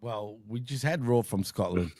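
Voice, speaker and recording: A man's voice: lowish voice, moderate pace, mellow. An Australian man co-hosting a wrestling review show in casual chat, laughing often and teasing his partner. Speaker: co-host.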